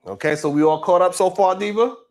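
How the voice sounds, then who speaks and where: A man hosting a comedic show, recapping online drama in an animated, laughing storytelling way. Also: sits high, brisk. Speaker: host.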